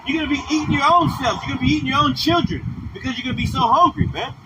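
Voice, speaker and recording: A man preaching on the street in a very high voice, scolding his listeners in slangy, repetitive bursts. The recording is noisy, with vehicles passing close by outdoors. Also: rapid-fire, distant mic. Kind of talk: livestreamed street sermon.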